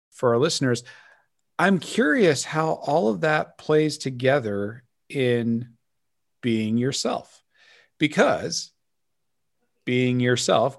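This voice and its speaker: A man hosts an interview podcast, recapping his guest's points for listeners in an affirming way. His voice has an ordinary pitch for a man. He sets up each follow-up question at length before asking it. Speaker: podcast host. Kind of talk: interview host.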